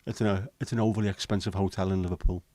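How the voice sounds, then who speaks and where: Man, fifties, chatty livestream host, casual swearing, lowish voice. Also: fairly even intonation, racing, dark tone, dry recording. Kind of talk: casual chat reading viewer comments.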